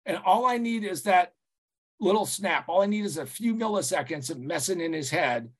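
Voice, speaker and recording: Husky, rambling male podcast guest. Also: sits high, normal speed. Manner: rambling, animated, frequent "you know" and restarts, swears casually. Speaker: business consultant guest. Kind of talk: podcast interview storytelling.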